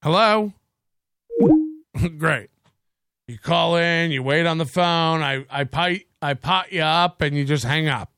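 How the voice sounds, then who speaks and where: A man with a fairly high voice hosts a casual solo livestream and rambles between sarcasm and swearing. He breaks off now and then to thank viewers for their donations. The sound is close and dry, with no room echo. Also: slow, a bit bright, clean tone. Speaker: livestream host.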